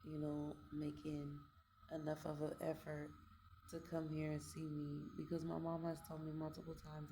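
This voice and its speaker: A woman talking frankly and reflectively to camera about her life, pausing with fillers as she works through her thoughts. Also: low-pitched, completely flat delivery, noisy background. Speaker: vlogger. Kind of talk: candid personal monologue.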